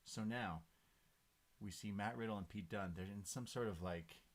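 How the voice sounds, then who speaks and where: Animated man recapping wrestling, chatty. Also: on the low side, normal speed. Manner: animated recapping, acts out quotes, laughs often. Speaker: podcast co-host. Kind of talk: casual wrestling review chat.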